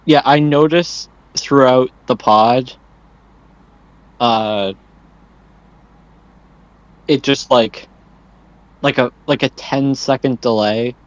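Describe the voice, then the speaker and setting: A podcast co-host speaking slowly over a remote call, trailing off and restarting with plenty of fillers. The voice sits at a middle pitch, and the call audio is dull and lo-fi. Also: no room sound. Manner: halting, drawn out, full of fillers and restarts. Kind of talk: casual chat.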